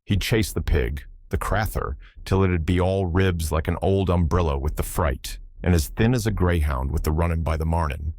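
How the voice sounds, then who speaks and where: Man voicing old Irish seaman, superstitious and innocent; deep, lilting yarn-teller for an audiobook. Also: moderate pace, few pauses, dry recording. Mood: storytelling. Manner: yarn-spinning, lilting, animated.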